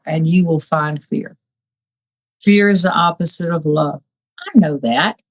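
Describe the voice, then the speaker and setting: A woman's voice: deep voice, normal speed, a bit bright, poor audio. A woman and Reiki master talking on a spiritual talk show, fiery, earnest and plain-spoken.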